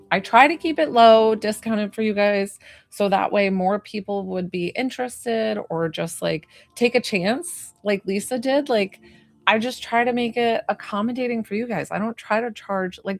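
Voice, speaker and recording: A woman's voice: mid-range voice, moderate pace, creaky. Young woman medium gushing on a livestream, bubbly and squealy, faint music behind. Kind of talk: live-stream reading and chat.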